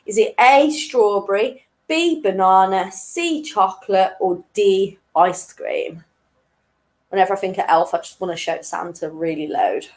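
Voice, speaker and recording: A woman hosting an online weekly quiz, chatty and laughing at her own jokes, reading each question twice slowly and clearly. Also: mid-range voice, a little hiss or hum. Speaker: quiz host.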